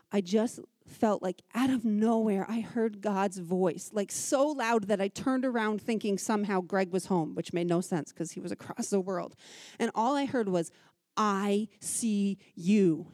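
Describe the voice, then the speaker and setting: A woman in her thirties giving a personal testimony at a church women's gathering, telling her story in an animated, conversational way with quick asides and an earnest, heartfelt tone. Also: medium pitch, dry recording, studio quality.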